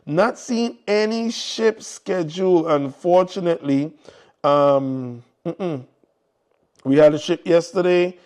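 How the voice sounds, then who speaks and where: A man's voice: on the high side, takes it slowly, darkish tone. Upbeat man hosting live. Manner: upbeat, repetitive exhortations to the audience. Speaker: morning show host. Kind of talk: casual live show chat.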